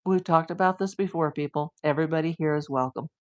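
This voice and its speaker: A woman's voice: deep voice, quick pace. A woman hosting a live stream as a private investigator, talking through a case with emphatic, indignant rhetorical questions. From USA.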